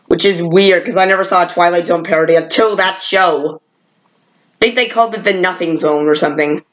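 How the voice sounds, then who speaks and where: A woman vlogger reviewing old cartoons in a casual, rambling way, correcting herself often and jumping up in pitch when she exclaims. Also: a little fast, highs cut off. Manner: rambling, with frequent self-corrections.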